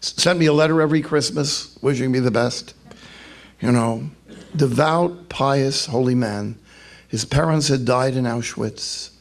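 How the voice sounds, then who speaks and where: Gravelly older New priest. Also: male voice, mid-range voice, unhurried. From New York. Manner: storytelling with joking asides and put-on voices. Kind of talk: humorous talk to an audience.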